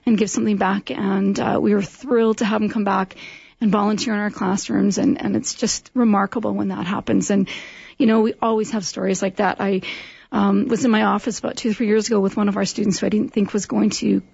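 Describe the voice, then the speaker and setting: A woman's voice: mid-range voice, level tone, fairly quick, vocal fry, a little mellow, husky, no echo. A middle-aged woman, a school administrator telling stories in a friendly, chatty interview, often laughing. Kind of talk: interview conversation.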